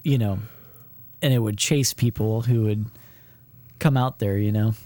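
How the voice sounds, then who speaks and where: A man's voice: on the low side, fairly even intonation, measured pace, dark tone, no room sound. A man co-hosting a podcast in loose, casual conversation. He talks with frequent hesitations, fillers and restarts. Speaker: podcast co-host. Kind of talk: casual chat.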